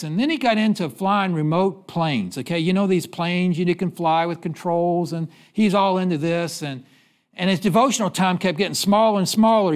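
A man preaching a sermon, telling stories and asking the congregation questions, then dropping low to give the answers. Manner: preaching with call-and-response questions and sudden drops to a low voice. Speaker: pastor.

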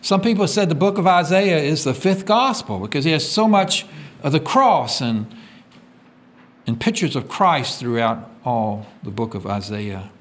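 A man preaching with a voice that rides up and down, fairly high for a man. He reads scripture and throws questions at his listeners. His delivery swings from loud, emphatic peaks to quiet, low drops. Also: lively intonation, unhurried. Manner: call-and-response questions, reads scripture aloud. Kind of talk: sermon.

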